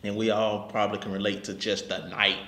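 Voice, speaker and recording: A man leading a group talk, speaking in a measured, halting way. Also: fairly low pitch, flat delivery, pushed and bright, roomy sound. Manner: measured, halting, restarts phrases. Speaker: group discussion host.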